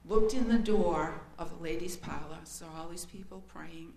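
A woman with a slightly low, darkish voice shares her personal testimony at a moderate pace. She is earnest, hesitant and emotional, speaking in an echoey room with a faint hum in the background.

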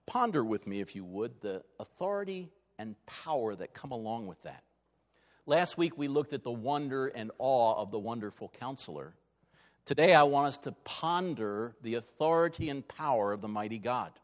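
A male pastor preaching a dramatic sermon, swinging from hushed to loud, in a church sanctuary. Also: mid-range voice, expressive, normal speed, long reverb tail.

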